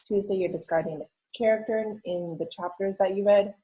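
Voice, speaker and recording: A woman teaching a recorded lesson to elementary students, patiently explaining each step with frequent "um" and "okay" and reading examples aloud with clear pauses. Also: medium pitch, fairly even intonation, mellow, rough recording. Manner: patient, explains step by step, many ums and okays; reads example sentences aloud with exaggerated pauses. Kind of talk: recorded remote lesson walkthrough.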